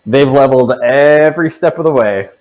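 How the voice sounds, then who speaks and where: A man's voice: mid-range voice, moderate pace, darkish tone, lo-fi sound. A young man running a tabletop game as dungeon master, joking with his players.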